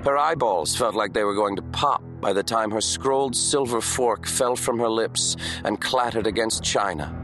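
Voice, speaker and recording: A man narrating an audiobook thriller in an even, measured storytelling manner. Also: lowish voice, music in the background. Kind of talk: scripted narration.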